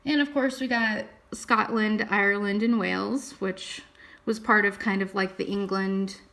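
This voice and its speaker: A young woman chats casually into her computer mic, musing aloud as she reads. Her mid-pitched voice carries a gravelly fry at the ends of phrases. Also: fairly even intonation, a little slow, a bit bright. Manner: chatty, thinking aloud while reading results. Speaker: vlogger. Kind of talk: casual vlog talk.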